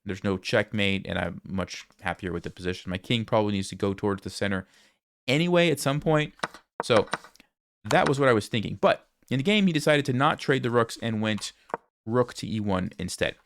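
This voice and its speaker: A man reviewing one of his own chess games for viewers, thinking aloud in a relaxed, conversational way and speaking to the audience directly. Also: lowish voice, brisk. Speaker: chess content creator reviewing his game. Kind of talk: casual game analysis commentary.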